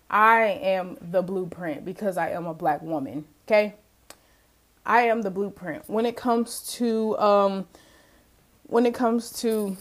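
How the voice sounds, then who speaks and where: Chatty young woman podcaster. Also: medium pitch. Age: young adult. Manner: chatty and emphatic, addresses listeners as y'all, laughs often. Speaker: podcast host. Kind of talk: casual solo podcast monologue.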